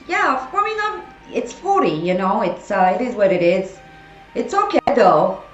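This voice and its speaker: A woman's voice: mid-range voice, sing-song, normal speed, reverberant, lo-fi sound, soft background music. A woman in her forties with a French accent, chatting playfully with her viewers on a stream. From France. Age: 40s. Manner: playful, teasing viewers by name. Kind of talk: casual chat with live chat.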